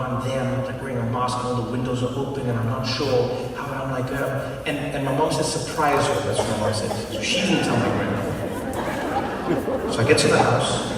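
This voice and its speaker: A man doing stand-up comedy, telling an animated story and acting out dialogue with rambling asides, heard from a distant mic in an echoey hall. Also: mid-range voice, noisy background. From South Africa. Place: large live venue.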